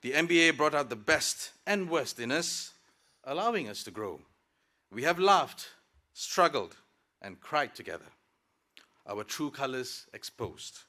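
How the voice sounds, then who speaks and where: Bright-voiced man giving a graduation speech. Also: medium pitch, very animated, measured pace. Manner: reflective, lightly humorous address. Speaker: graduating student speaker. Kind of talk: convocation speech. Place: ceremony hall.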